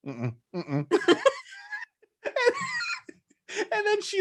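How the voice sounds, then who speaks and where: A woman's voice: extremely low pitch, animated, moderate pace. A woman co-hosting a podcast, casually reviewing a movie and retelling scenes with lots of laughter. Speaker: podcast co-host.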